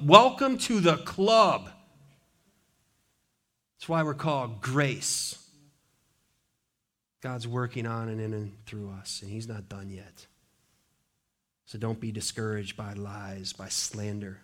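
A man preaching a sermon as pastor in a church, lively and conversational, dropping playful quoted asides. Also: mid-range voice, slow, long pauses. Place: church sanctuary.

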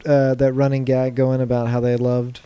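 A man's voice: mid-range voice, completely flat delivery, normal speed, dark tone, clear, resonant tone, no room sound. A man co-hosting a casual podcast chat, telling stories with wry asides. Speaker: podcast co-host.

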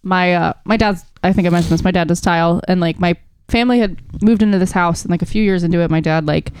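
A podcast co-host in casual chat who tosses in joking asides and quick remarks. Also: medium pitch, steady tone, a little mellow, clear, resonant tone.

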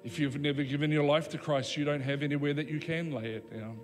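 A man preaching a sermon as pastor, emphatic, with dramatic pauses and voiced quotes. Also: a little high, steady tone, long reverb tail, soft background music.

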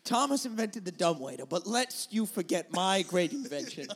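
A man voicing a stiff colonial statesman in a comedy role-play, deadpan and mock-formal. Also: sits high, normal speed, voice pushed down, exaggerated voice.

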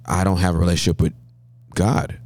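A man in his forties from Southern California, a pastor telling stories as a guest in an interview, with a humorous, lively manner. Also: low-pitched, a little fast, no echo. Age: 40s. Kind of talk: interview storytelling.

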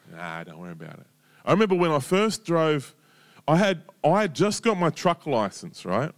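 A man giving a casual, conversational sermon full of stories and asides. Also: on the high side. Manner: conversational storytelling, lively, chatty asides. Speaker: preacher.

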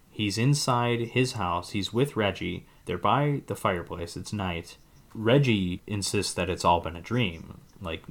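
A man co-hosting a podcast, casually recapping a film's plot in a rambling way, hedging often. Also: lowish voice. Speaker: podcast co-host. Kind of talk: casual movie recap chat.

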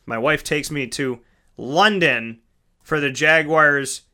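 Bright, crisp-voiced male sports talker. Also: a little high, takes it slowly. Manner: chatty, rambling, corrects himself mid-sentence; addresses listeners as folks. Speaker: sports show host. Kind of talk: casual solo sports talk.

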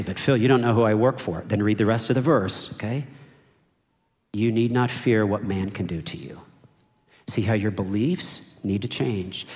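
A man's voice: lowish voice, a little mellow. A man preaching a sermon as pastor, emphatic and repeating key phrases, drawing the congregation in. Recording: long reverb of a large hall.

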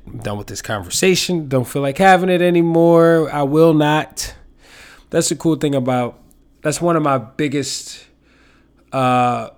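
A young man hosting a podcast, talking casually in a rambling, profane monologue. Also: mid-range voice. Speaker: podcast host.

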